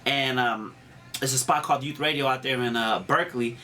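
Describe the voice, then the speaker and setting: A man's voice: mid-range voice, brisk, pushed and bright, slight background noise. A man, a radio DJ, telling stories in a casual interview with laid-back street slang.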